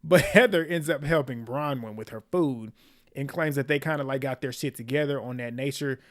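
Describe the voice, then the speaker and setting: A man's voice: medium pitch, moderate pace, fairly bright tone. A man giving a casual recap of a reality TV episode, chatty and opinionated, with slang and frequent laughs.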